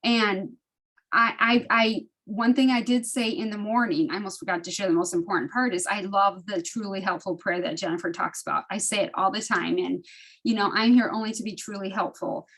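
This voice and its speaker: A woman in her fifties shares personal stories with her study group over a video call. She talks in an animated, emotional way, her voice jumping up as she gets caught up in the telling, and she often starts a sentence over. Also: mid-range voice, brisk. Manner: animated, emotional storytelling with frequent restarts. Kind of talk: casual personal sharing.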